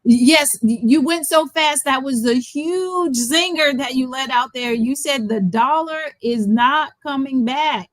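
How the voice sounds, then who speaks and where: A woman's voice: high voice, measured pace, hardly any pauses, dry recording, rough recording. A woman interviewing a host, working through numbered questions and cutting in to press for clarification. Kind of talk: reading listener questions.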